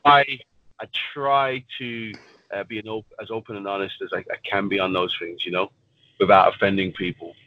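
A man's voice: on the low side, steady tone, moderate pace, dull audio. A man, a professional fighter, talking casually and bluntly in an interview and swearing freely. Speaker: pro fighter guest.

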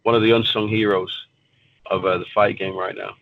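A man's voice: lowish voice, level tone, normal speed, gravelly, lo-fi sound. A man, a professional fighter, talking casually and bluntly in an interview and swearing freely. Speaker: pro fighter guest.

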